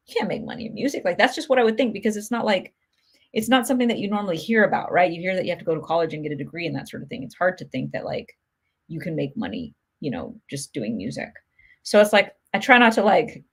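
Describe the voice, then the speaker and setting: A woman's voice: medium pitch, lively intonation, fast talker, slightly rough. A woman hosting a casual livestream, answering viewers' comments in a chatty, upbeat way full of "like" and "you know". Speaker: music promotion host answering live comments.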